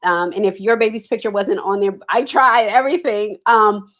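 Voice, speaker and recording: A woman's voice: medium pitch, steady tone, moderate pace, fairly bright tone. A woman hosting a live talk show, chatting casually and emotionally, often laughing as she thanks her audience. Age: adult with three children. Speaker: show host.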